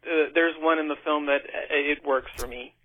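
A man on a thin, tinny phone line talks through his picks, stopping often with ums and uhs. His voice sits a little high and sounds dry and close. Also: fairly even intonation, normal speed, dry recording. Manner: hesitant, many ums and uhs. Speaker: caller. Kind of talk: casual recommendations by phone.

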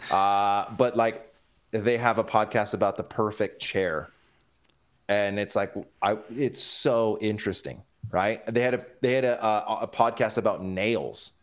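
A man's voice: fairly low pitch, measured pace. A man talking as a podcast guest in casual chat, with lots of inflection and plenty of fillers. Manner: animated, inflected delivery with many fillers.

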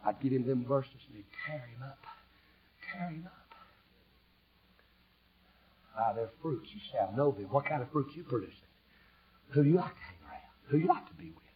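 A man preaching a revival sermon in a rhythmic way, climbing to shouted peaks and then dropping low. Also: lively intonation, a little fast. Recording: dull lo-fi recording.

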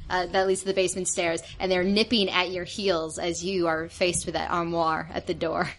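A woman's voice: on the low side, little pitch movement, moderate pace. A woman acting as game master, describing a horror scene with fillers and restarts. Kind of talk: narrating a tabletop horror game.

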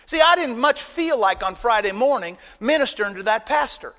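High-voiced emphatic pastor in a hall. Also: male voice, animated, normal speed. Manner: folksy, emphatic, shifts between loud bursts and quiet asides. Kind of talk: sermon.

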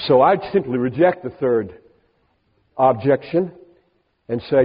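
An older man preaches with a husky, breathy voice that swings widely from low murmurs up to ringing emphasis. The sound is thin and narrow, like a phone line, and a long hall reverb trails behind him. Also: lively intonation, a little slow, pauses often. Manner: emphatic, shifting from soft asides to rising, preaching peaks. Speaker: pastor. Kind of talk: sermon.

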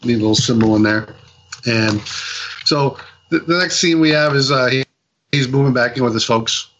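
A man in mid pitch chatting casually as a podcast co-host. He recaps a story in a loose, rambling way, with plenty of fillers and restarts. He slips into lively little voices when quoting people. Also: moderate pace, slight background noise, poor audio. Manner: rambling retelling full of fillers and quoted dialogue. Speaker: podcast co-host reviewing comics. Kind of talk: casual chat.

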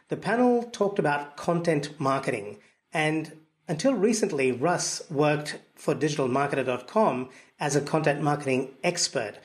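A man with a mixed Australian and Indian accent hosts a podcast. He sounds upbeat and jokey, in a fairly high voice for a man. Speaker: podcast host. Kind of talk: casual interview chat.

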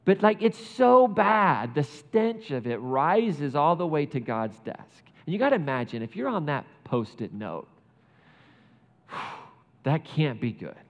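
A man giving a casual, conversational sermon, animated and chatty, laughing often and saying "like" a lot. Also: on the high side. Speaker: preacher. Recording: muffled sound with long hall reverb.

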